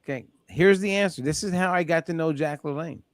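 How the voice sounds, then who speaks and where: A man hosting a group call, telling an animated story and acting out the voices of people in it. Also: on the high side, fairly quick, dry recording. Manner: animated, acts out voices in anecdotes. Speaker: host. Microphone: call audio.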